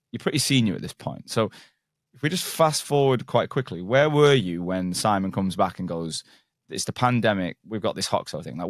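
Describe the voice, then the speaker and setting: The English podcast host's voice is on the low side, captured at studio quality with no room sound. In casual interview chat, he tells banter-filled stories and swears freely.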